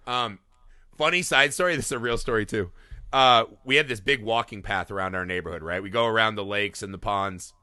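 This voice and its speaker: Male podcast co-host, 30s, very bright punchy voice, animated, profane storyteller, dry close sound. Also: fairly low pitch, fairly quick, clear, resonant tone, no echo. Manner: animated storyteller, swears a lot, keeps asking "right?". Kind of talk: casual film podcast chat.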